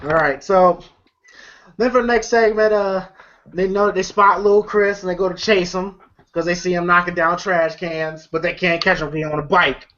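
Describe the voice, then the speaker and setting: A man's voice: sits high, fairly even intonation, moderate pace, fairly bright tone. Male podcast host, talkative recap style, dull lo-fi recording. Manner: rambling retelling full of fillers and laughs. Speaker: movie review host. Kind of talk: casual chat recapping a film.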